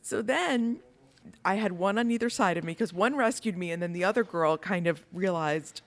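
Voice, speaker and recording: A woman's voice: medium pitch, normal speed. An American woman co-hosting a casual chat, telling a funny story and often laughing while she talks. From United States. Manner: animated, laughs through the story. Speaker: podcast co-host.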